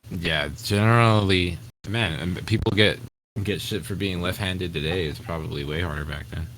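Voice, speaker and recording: Low-voiced male co-host, casual wisecracker on a hobby stream. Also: fairly even intonation, normal speed, fairly bright tone, a little hiss or hum, poor audio. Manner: joking, loose and casual. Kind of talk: casual chat during a live hobby painting stream.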